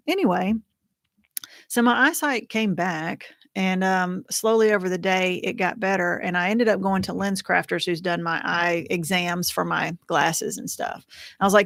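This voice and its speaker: A woman's voice: lowish voice, a little slow, vocal fry, a bit bright, no echo, studio quality. A middle-aged woman hosting a livestream for widows, telling a long story in a rambling, chatty way full of fillers and restarts. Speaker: host of a widows' support livestream. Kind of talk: casual livestream chat. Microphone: computer or phone mic for a livestream.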